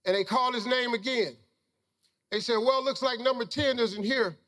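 Middle-aged male speaker, very high pitch, folksy preacher-style storytelling to an audience. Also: steady tone, moderate pace, fairly bright tone, long reverb tail. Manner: folksy, preacher-like storytelling with Southern Black vernacular. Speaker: motivational speaker. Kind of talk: storytelling talk to a live audience.

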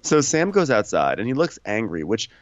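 A man's voice: lowish voice, big pitch swings, moderate pace, dry recording, dull audio. A man co-hosting a podcast, recapping a TV episode in casual, sarcastic chat. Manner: sarcastic, laughing asides. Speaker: podcast co-host.

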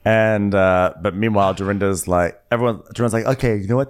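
A man with a somewhat low voice recaps reality TV with sass and flair. He often jumps into high, dramatic impressions of the women on the show. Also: steady tone, fairly quick, clean tone. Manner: sassy, dramatic, mimics cast members in raised voices. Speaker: podcast co-host. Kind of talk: casual comedic recap chat.

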